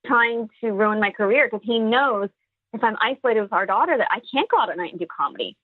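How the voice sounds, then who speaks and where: A woman's voice: fairly high pitch, lively intonation, no echo. A woman comedian talking as a podcast guest, emphatic and full of restarts, over a phone call. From Texas. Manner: fast, emphatic, many restarts. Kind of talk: casual interview chat. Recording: tinny phone line.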